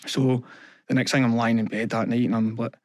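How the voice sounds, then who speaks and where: A young Scottish man speaks in an earnest, halting way, retelling events and quoting other people as he goes. His pitch stays fairly level and even, and the sound is close and dry with no room around it. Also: no echo. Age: young adult. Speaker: podcast guest. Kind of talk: candid personal interview.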